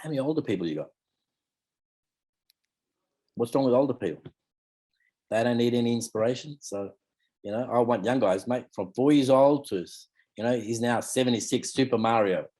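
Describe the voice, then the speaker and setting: A man's voice: medium pitch, animated, moderate pace, long pauses, darkish tone. An Australian man in his fifties, a martial arts teacher talking casually in an interview, rambling and leaning on fillers like "you know" and "mate". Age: 50s.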